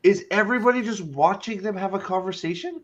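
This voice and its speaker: A man's voice: sits high, fast, lo-fi sound. A man co-hosting a casual podcast chat, ranting and swearing with lots of restarts. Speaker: podcast co-host.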